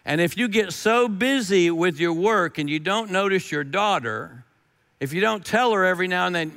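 Brief: middle-aged man, pastor, folksy and emphatic, voice sits a bit high. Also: animated, moderate pace, creaky, fairly bright tone, big-room sound. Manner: folksy, emphatic, repeats key phrases. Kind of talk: sermon.

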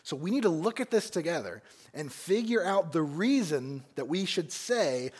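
A man preaching a sermon with a lively, rising and falling delivery, his voice sitting a little higher than most men's. He presses his congregation with question after question. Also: normal speed, husky. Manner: animated, asks the congregation many questions. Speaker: pastor. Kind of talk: expository sermon. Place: church sanctuary.

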